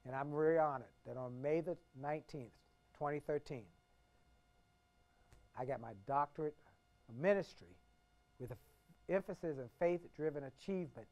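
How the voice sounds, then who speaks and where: A man in his fifties from the Washington, D.C. area giving a motivational keynote speech. He tells stories emphatically, repeating phrases and swinging between hushed and booming delivery. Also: moderate pace, pauses often. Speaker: motivational speaker.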